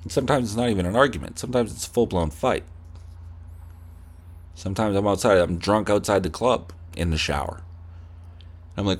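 A man's voice: fairly low pitch, normal speed, long pauses, slightly rough. A young man hosting a comedy podcast, ranting profanely and acting out heated arguments with himself. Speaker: podcast host. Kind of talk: comedic rant.

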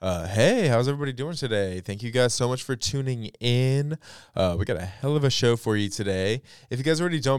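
A man's voice: fairly low pitch, clear, resonant tone, no room sound, clean studio sound. A young man hosting a casual pop culture podcast alone, chatty and blunt, with lots of fillers and some swearing. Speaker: podcast and radio host.

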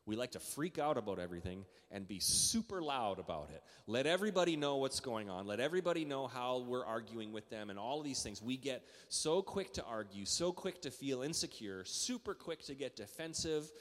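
A man from Canada delivers a sermon from a church stage, his voice carrying a long reverb through the sanctuary. He moves between settled, steady teaching and animated storytelling that climbs higher and louder. His pitch sits in an ordinary middle range. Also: brisk, few pauses. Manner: storytelling, animated, rising loud in stories. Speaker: pastor.

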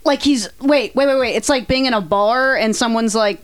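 A woman in casual chat, reacting to a story with quick, incredulous questions and the odd swear word. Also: on the high side.

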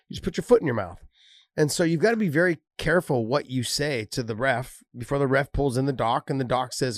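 A man's voice: mid-range voice, animated, a little fast, dry recording, clean studio sound. A man and former fighter chatting casually, acting out what he said mid-fight. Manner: storytelling, acting out quoted lines with laughs. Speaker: former fighter, podcast co-host. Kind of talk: casual chat.

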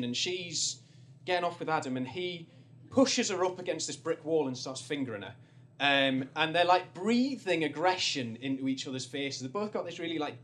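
A man's voice: mid-range voice, a little hiss or hum. A young man doing confessional storytelling stand-up, candid and rambling. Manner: candid, rambling, sliding quieter as the story turns sad. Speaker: stand-up comedian. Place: comedy stage.

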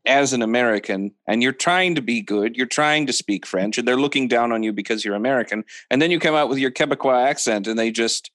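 A man co-hosting a podcast delivers dry, deadpan jokes at an ordinary pitch. He speaks in a steady, matter-of-fact way. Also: brisk, hardly any pauses, no room sound. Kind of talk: casual podcast chat.

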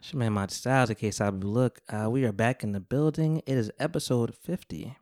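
A man hosting a casual podcast chat, laughing often and swinging from quiet to loud. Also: mid-range voice, brisk, dry recording, clean studio sound. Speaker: podcast host. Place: room with a couch.

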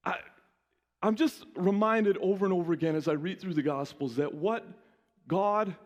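A male pastor giving a lively, conversational sermon, often restarting his sentences. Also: high voice, big-room sound.

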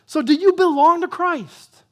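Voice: very high voice, measured pace, fairly bright tone. A pastor preaching a sermon, repeating key phrases for emphasis and asking the congregation questions. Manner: asks the congregation questions, calls for amen.

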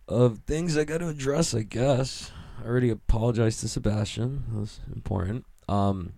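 A man's voice: fairly low pitch, vocal fry, dark tone. A man hosting his own podcast from his messy room, rambling and swearing freely while poking fun at himself, on poor audio. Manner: profane, rambling, self-mocking. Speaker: podcast host. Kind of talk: rambling casual monologue.

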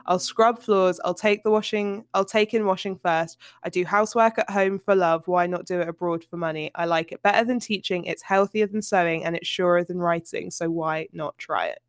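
A woman reading out a proud young woman who speaks in a firm, measured way. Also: on the low side, steady tone, dry recording, clean studio sound, close to an everyday voice.

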